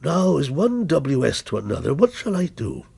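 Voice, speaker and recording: A man's voice: on the high side, huge pitch swings, normal speed, gravelly, dark tone, breathy edge, exaggerated voice. A man voicing a cold, taunting policeman. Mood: menacing. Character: menacing male policeman, a vengeful character come alive.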